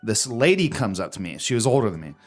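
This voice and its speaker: A man co-hosts a casual podcast and tells loose, rambling stories full of swearing and laughs. His pitch is very animated, rising and falling all through his talk. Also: fast talker, faint music behind. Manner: lively storytelling, swears often, laughs a lot. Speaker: podcast co-host. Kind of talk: casual chat.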